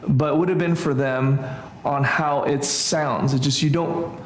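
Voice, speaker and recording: A man teaching a relaxed church Greek class, thinking aloud with many fillers and restarts. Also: mid-range voice, a little slow, echoey room, a little hiss or hum. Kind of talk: informal church class lesson.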